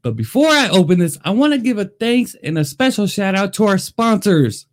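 A man chatting excitedly in a casual taste-test vlog, talking to his viewers. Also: sits high, normal speed. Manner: excitable, chatty, lively delivery. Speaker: vlogger. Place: Las Vegas.

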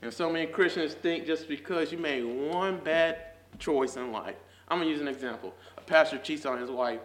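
A young man's fairly high voice, at normal speed, carries a casual Sunday school Bible lesson through an echoey space. He's slangy and heavy on "like"s, laughs plenty, and gets increasingly fervent until he's nearly shouting.

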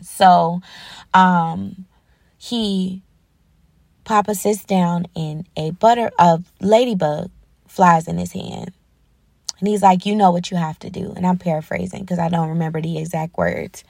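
Gravelly-voiced woman hosting an uplifting podcast. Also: fairly low pitch, fairly even intonation, measured pace, a little mellow, no room sound, clean studio sound. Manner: earnest, retelling a film scene with feeling. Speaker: podcast host. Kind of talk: inspirational podcast talk.

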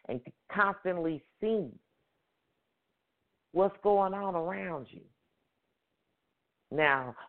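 A woman hosting a radio prayer-line show in a sassy, lively manner, repeating her points and calling on listeners to answer back. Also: low voice. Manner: sassy, repetitive exhortations, call-and-response. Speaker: radio talk show host. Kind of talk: casual motivational prayer-line talk. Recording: tinny phone-line sound.

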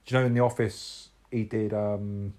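A man's voice: fairly low pitch, flat delivery, moderate pace, mellow. A man chatting casually as co-host, rambling and searching for words as he talks. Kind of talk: casual chat.

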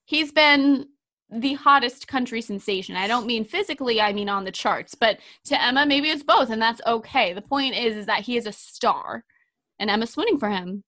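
Bright gushing young woman co-host. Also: on the high side, moderate pace. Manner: gushing, animated, lots of "like". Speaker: podcast co-host. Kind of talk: casual chat.

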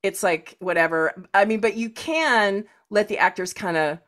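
A woman's voice: mid-range voice, normal speed, a bit bright. A woman co-hosting a podcast in casual chat, acting out scenes with playful quoted voices and sound effects. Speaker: podcast co-host.

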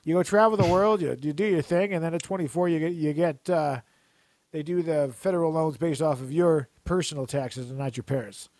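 A man's voice: on the high side, brisk, darkish tone, no echo. A man co-hosting a casual chat, rambling and joking, often breaking into laughter. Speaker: podcast co-host.

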